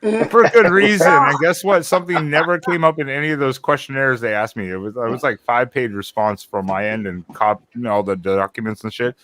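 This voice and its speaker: A man's voice: mid-range voice, fairly even intonation, brisk, few pauses, bright, forceful tone, a little hiss or hum. A man co-hosting a casual livestream hangout, rambling and restarting as he explains things at length. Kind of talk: casual chat.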